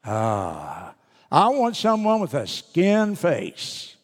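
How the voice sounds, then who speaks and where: A man's voice: a little high, huge pitch swings, extremely slow, in a large hall, exaggerated voice. A man voicing a frightened little boy calling out for his father during a storm, within a sermon story. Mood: pleading. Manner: pleading, calling out.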